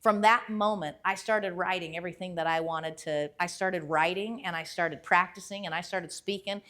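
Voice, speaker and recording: A woman motivational speaker telling a story in a lively way. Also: fairly low pitch, normal speed. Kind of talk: motivational talk.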